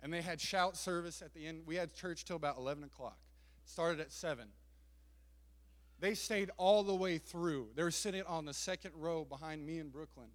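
A man preaching a Pentecostal sermon, moving from quiet storytelling to shouted exhortation. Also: fairly high pitch, normal speed. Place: church sanctuary. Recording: long church hall reverb.

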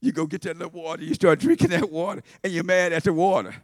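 A man preaching a sermon in church, folksy and conversational, swinging from shouts to low asides. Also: fairly even intonation, quick pace, dry recording, studio quality. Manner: shouting and half-singing at high points, then dropping to low asides; conversational, folksy, with repetitions and laughter.

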